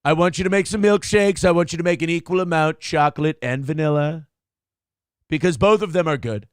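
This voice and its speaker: A man putting on an impression of a brash older male politician who flatters everyone and repeats each phrase back. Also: on the high side, a little fast, clean tone, dry recording, clean studio sound, lightly acted. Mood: schmoozing.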